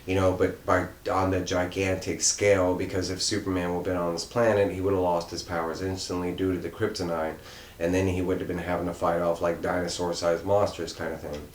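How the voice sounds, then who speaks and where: A man's voice: deep voice, level tone, brisk. A man casually reviewing a comic book, rambling with many fillers and restarts. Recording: roomy echo, faint background noise.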